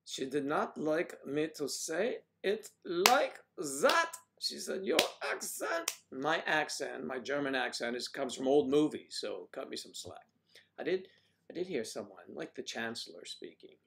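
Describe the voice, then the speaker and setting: An older man hosting a livestream, chatting casually and rambling, thinking aloud with frequent pauses. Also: mid-range voice, expressive, gravelly, a bit bright. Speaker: livestream host.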